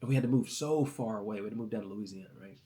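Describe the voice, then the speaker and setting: A man hosting a motivational podcast, talking in an inspirational, sermon-like way that swings from loud, rising preaching to soft, hushed storytelling. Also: on the low side, very fast.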